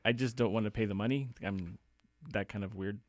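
Low-voiced man hosting a radio show. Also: steady tone, fairly quick, dry recording, studio quality. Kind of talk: casual radio chat introducing songs.

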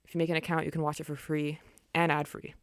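A young woman co-hosts a college radio show, talking in a loose, rambling way full of "um" and "like". Her voice sits a little low and comes through smooth and clear. The studio mic gives a close, dry sound. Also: little pitch movement, quick pace, dry recording. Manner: chatty, rambling, many fillers. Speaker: campus radio co-host. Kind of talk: casual radio chat. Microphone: studio microphone.

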